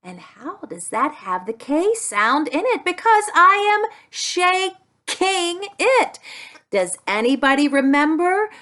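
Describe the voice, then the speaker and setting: Her voice sits high, with a pushed, bright quality. She's a speech-language pathologist working with toys to teach small children a sound, going slowly and elongating each one.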